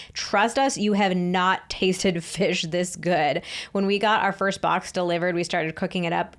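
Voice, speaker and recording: A woman in her thirties co-hosting a relationship podcast, chatting casually and reading ads in an easy, conversational way. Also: lowish voice. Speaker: podcast co-host, sex therapist. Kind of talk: casual chat and host-read ads.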